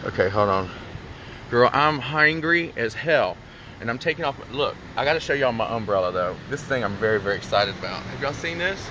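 Rain falls outside as a vlogger talks to his phone live stream from the car, animated and a little fast in a medium pitch. Background noise can be heard. He's chatty and sassy, and his viewers are y'all and honey to him.

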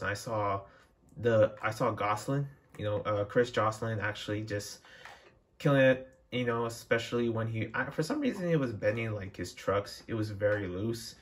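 A young man chatting casually to his viewers as a vlogger, rambling with frequent restarts and fillers. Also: mid-range voice. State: dry throat, out of breath. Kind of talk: casual chat to camera.

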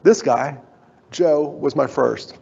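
A middle-aged man speaking at a conference, telling personal stories in an animated, self-deprecating way. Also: on the high side, slow, vocal fry, slightly rough. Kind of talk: personal storytelling talk. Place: conference hall. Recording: dull recording, long hall reverb.

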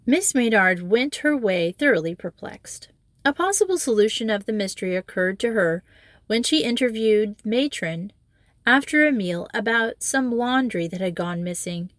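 A woman reading a children's school novel aloud in steady, measured storytelling. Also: a little high, no echo. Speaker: audiobook reader.

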